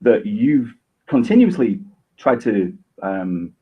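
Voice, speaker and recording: A man arguing on a video call in a sarcastic, measured, defensive way. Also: fairly low pitch, sing-song, slightly rough, muffled recording. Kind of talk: heated online argument.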